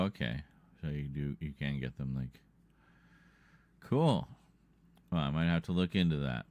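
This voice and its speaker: A man's voice: rumbling low, dry recording. A man hosting a livestream in loose, rambling casual chat, often breaking into laughter. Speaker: livestream host.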